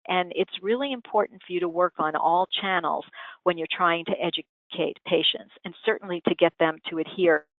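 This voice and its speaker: A woman's voice: lowish voice, dry recording. A woman giving a lecture on communication, acting out vocal habits as examples. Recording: tinny phone-like dry sound.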